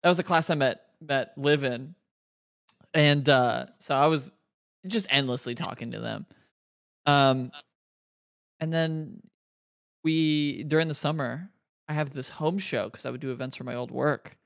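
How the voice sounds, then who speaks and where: A man's voice: medium pitch, measured pace, vocal fry, pauses often, fairly bright tone, no echo, clean studio sound. A young man co-hosting a podcast, telling stories in a loose, profane, laughing way. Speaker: podcast co-host. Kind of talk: casual podcast chat.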